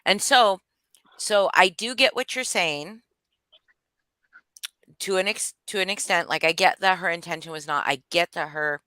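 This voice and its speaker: A woman's voice: fairly low pitch, a little slow, long pauses, pushed and bright, dry recording. A woman hosting a livestream chat, talking frankly and bluntly. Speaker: livestream host. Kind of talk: casual chat. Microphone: streaming video call.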